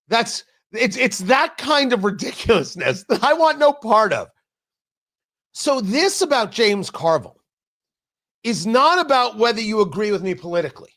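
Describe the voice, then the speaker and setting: A man's voice: sits high, fairly bright tone. A man hosting a political talk radio show, emphatic and combative with sarcastic asides. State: out of breath.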